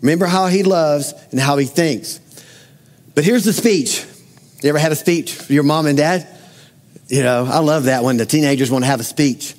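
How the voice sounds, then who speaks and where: A male pastor with a fairly high voice delivers a sermon in a church. He talks conversationally and keeps turning to his listeners with direct questions. Long reverb trails his words through the hall. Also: moderate pace. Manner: conversational, asks the congregation questions.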